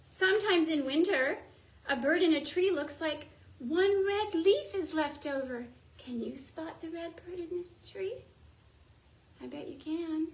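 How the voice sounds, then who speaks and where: A woman preschool teacher reading a story to young children in an animated, sing-song way, gently and slowly, recorded at home. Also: extremely high pitch, rough recording.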